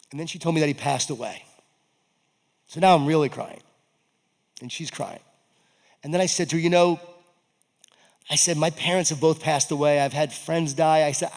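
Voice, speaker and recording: A man's voice: medium pitch, vocal fry. Man telling a story in a reverberant event hall. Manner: animated, acts out his own quoted lines. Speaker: keynote speaker. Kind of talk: motivational keynote storytelling.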